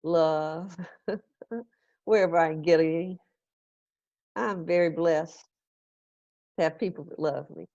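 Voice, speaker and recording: A woman's voice: sits low, fairly even intonation, takes it slowly, pauses often, darkish tone, no room sound. A middle-aged woman minister, chatting through congregation questions in a folksy, conversational way and chuckling often. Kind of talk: casual question-and-answer with congregation. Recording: dull, dry, lo-fi stream audio.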